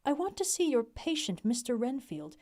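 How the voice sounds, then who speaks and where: A woman voicing a polite, eager young lady in a novel reading, with a bright, pleading tone. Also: sits high, very animated, moderate pace, pitched above the performer's own voice.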